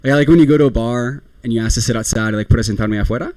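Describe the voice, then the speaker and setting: A man's voice: mid-range voice, steady tone, rapid-fire, a little mellow, dry recording. A young man performing a rambling, self-deprecating stand-up comedy set, often laughing at his own jokes.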